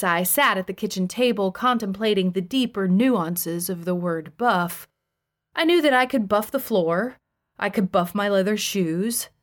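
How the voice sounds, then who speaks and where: A woman, around her thirties, reading her memoir aloud with dry, deadpan humor. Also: mid-range voice. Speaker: narrator. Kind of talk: memoir audiobook narration.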